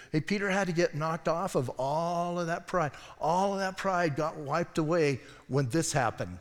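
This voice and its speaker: A man preaching a sermon as pastor, animated and self-deprecating, dropping to quiet asides as he tells stories. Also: fairly high pitch, normal speed, few pauses. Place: church sanctuary. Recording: long hall reverb.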